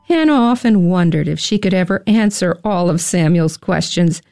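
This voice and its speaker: A woman narrating a story in a gentle, scripted reading style. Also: lowish voice, animated, normal speed, creaky, hardly any pauses, soft background music.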